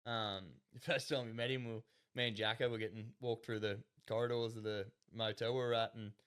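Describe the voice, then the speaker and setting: Speaking fairly quickly with a flat delivery, this Australian podcast guest has a medium-pitched voice that's clear, resonant and a bit bright. He chats casually, wandering through stories, laughing a lot and performing other people's lines in their voices.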